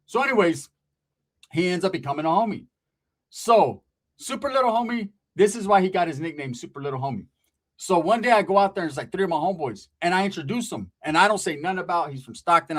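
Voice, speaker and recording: Guy from merced area telling a crude funny story, bouncy pitch, kinda high voice. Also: quick pace. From Merced area, California. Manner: animated, profane, rambling. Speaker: comedian storyteller. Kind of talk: comic storytelling.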